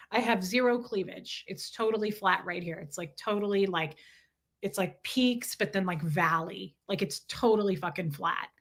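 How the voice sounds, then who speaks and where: A woman hosts a casual livestream, answering her viewers' comments one after another. Her voice is bright and forward, and her joking is brash and crude. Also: medium pitch. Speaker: livestream host.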